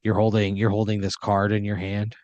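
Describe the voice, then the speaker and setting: A man's voice: fairly low pitch, normal speed, no room sound, lo-fi sound. Laid-back man narrating an improvised story. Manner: laid-back, deadpan, lots of filler. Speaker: game master.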